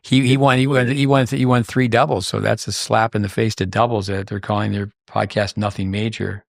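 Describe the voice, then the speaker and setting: A man's voice: fairly low pitch, flat delivery, fairly quick, creaky, no room sound, studio quality. A man hosting a tennis podcast in casual chat, rambling along with frequent restarts. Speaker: podcast host.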